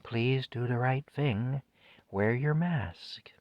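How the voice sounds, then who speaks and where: A man in his fifties imitating a soothing female PA announcer in a store, speaking softly and slowly, partly in a whisper. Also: mid-range voice, dry recording, muffled recording, pitched above the performer's own voice, natural voice. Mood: hushed soothing. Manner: hushed, soft and slow, partly whispered.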